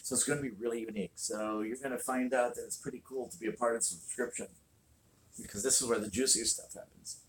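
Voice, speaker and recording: A woman's voice: a bass voice, fairly even intonation, fast, slight background noise. A woman hosting a casual livestream from home, talking with many fillers and restarts. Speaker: channel host. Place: home room with a fireplace.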